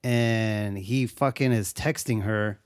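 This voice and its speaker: A man's voice: fairly low pitch, fairly even intonation, slow pace, clear, resonant tone, dry recording, clean studio sound. A young man co-hosting a podcast, casually recapping a horror movie, swearing a lot and acting out the characters' lines. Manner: laid-back, swears a lot, acts out quotes. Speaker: podcast co-host.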